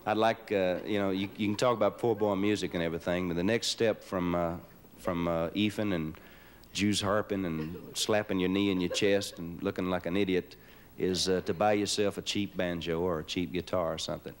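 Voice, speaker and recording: A man's voice: low-pitched, steady tone, fairly quick. A man hosting a show on stage, joking in a down-home way and leading the audience in chants. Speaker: host. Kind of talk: folksy stage patter with audience. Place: TV studio stage with live audience. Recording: noisy 1970s live TV broadcast. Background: studio audience laughing.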